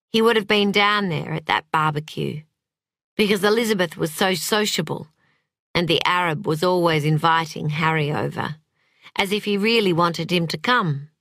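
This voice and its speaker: A woman narrating a novel with an expressive, dramatic delivery. Her voice is bright and forceful, and she reads at an unhurried pace. The close studio recording is completely dry. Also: on the low side, gravelly, no echo. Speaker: audiobook narrator. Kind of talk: scripted narration.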